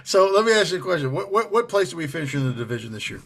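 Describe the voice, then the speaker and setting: A man's voice: high-pitched, big pitch swings, very fast, over a noisy crowd. A man co-hosting a casual sports podcast, easygoing and laughing often as he makes confident predictions. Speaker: podcast co-host.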